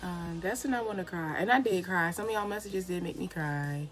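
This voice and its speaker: A woman's voice: fairly low pitch, a little fast. A young woman chatting casually as she does her makeup at home, slangy and encouraging, with faint music behind her. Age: young adult. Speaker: beauty vlogger. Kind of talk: casual get-ready-with-me chat. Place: home, indoors.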